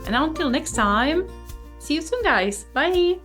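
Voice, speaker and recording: A woman's voice: high voice, animated, unhurried. A woman hosting a podcast, thanking her guests and wrapping up in an upbeat way. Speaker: podcast host. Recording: faint music underneath.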